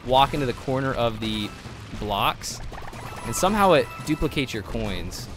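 A man live-streaming gameplay, chatting with viewers in an excitable, gushing way and laughing often, flustered. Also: medium pitch, normal speed, music in the background.

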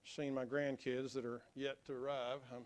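A middle-aged man preaching a sermon as pastor, mixing joking asides with quiet, earnest storytelling. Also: medium pitch, little pitch movement, moderate pace. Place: church sanctuary.

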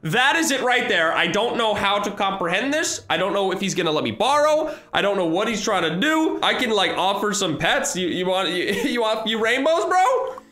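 Excitable high-voiced young man, echoey room. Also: normal speed. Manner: excitable, exclaiming, rambling. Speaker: gaming YouTuber. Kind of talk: excited gameplay commentary.

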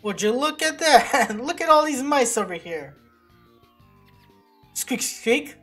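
A woman giving casual gameplay commentary, excitable and swearing as she reacts to setbacks. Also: high-pitched, moderate pace. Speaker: let's play gamer. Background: game music.

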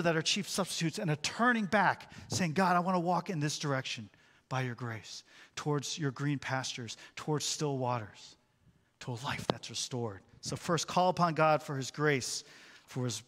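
A man preaching in a church sanctuary, his fairly high voice ringing out in a long hall reverb. He talks to the congregation conversationally and keeps asking rhetorical questions. He often sinks into a quiet, soft hush. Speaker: pastor. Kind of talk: sermon.

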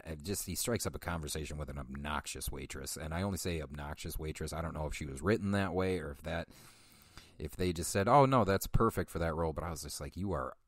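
A man's voice: low-pitched, fairly bright tone, dry recording, studio quality. A man hosting a podcast, rambling through a casual film review with profane, self-deprecating asides and chuckles into a microphone. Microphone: studio microphone.

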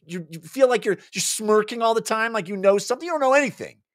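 A man's voice: high-pitched, animated, fast talker, voice pushed up. A man doing a stern father scolding his son. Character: stern older father, gruff and belittling.

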